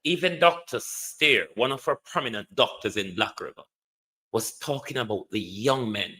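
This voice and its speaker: A man with a Jamaican accent delivers a mocking, scolding political rant on a livestream, sliding between standard English and patois. His medium-pitched voice has lively intonation, a sharp tone, and a normal speed.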